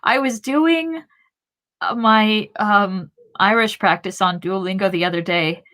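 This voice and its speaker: A woman's voice: mid-range voice, a little slow, a bit bright. A woman co-hosting a podcast in casual chat, wry and chatty. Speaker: podcast co-host.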